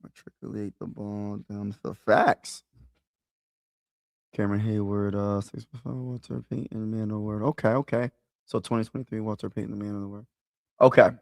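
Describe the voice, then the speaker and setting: A man giving excitable, slangy live play-by-play and reaction on his stream, his voice rising when he calls big plays. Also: lowish voice, quick pace, gravelly, no room sound, studio quality. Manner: excitable, slangy, talks to viewers as "bro"; rises loudly when calling big plays. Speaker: sports streamer.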